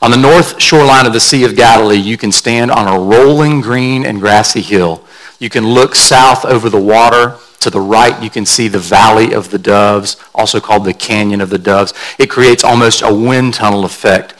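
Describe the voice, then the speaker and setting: A man's voice: lowish voice, normal speed, a bit bright, low-quality recording. A man pastor delivering a sermon in a conversational, storytelling way, carefully explaining word meanings like a teacher.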